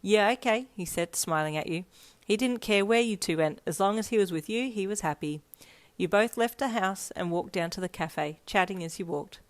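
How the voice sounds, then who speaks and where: A woman narrating a fanfiction story aloud in a steady storytelling read. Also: mid-range voice, moderate pace. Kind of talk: scripted narration.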